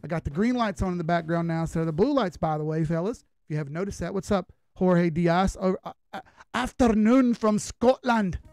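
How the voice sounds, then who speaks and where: High-voiced casual chart-streaming man. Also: quick pace, few pauses, darkish tone, dry recording, clean studio sound, faint music behind. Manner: casual, folksy, chats with viewers while reading charts. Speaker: crypto chart analyst streamer. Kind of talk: live-stream chart analysis.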